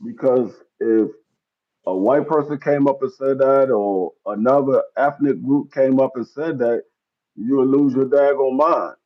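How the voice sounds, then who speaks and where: A man's voice: mid-range voice, measured pace. A man co-hosting a podcast, giving blunt, matter-of-fact opinions in casual chat. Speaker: podcast co-host. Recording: slightly dull lo-fi sound.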